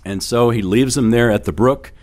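A man's voice: medium pitch, moderate pace, darkish tone. A middle-aged man preaching a sermon as pastor, telling stories in a conversational way with fillers and light laughter.

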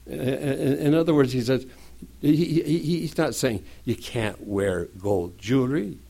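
A man's voice: medium pitch, a little slow, creaky, warm tone. A man preaching a sermon, explaining scripture with joking asides and frequent restarts.

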